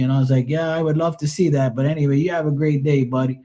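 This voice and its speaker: A man's voice: medium pitch, steady tone, fast, dark tone. A man in his forties chatting casually on a live stream, rambling through profane stories.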